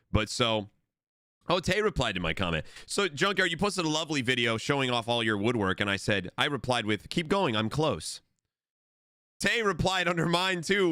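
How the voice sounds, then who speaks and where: A man's voice: low-pitched, fairly bright tone, no echo, studio quality. A young man live-streaming, chatting casually and rambling with lots of swearing while reading out his chat. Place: home streaming setup. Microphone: desk microphone.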